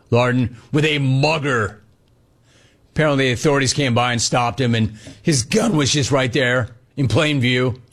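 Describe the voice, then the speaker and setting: A man's voice: mid-range voice, fairly bright tone. A man hosting a sports talk radio show, giving a sarcastic and emphatic monologue.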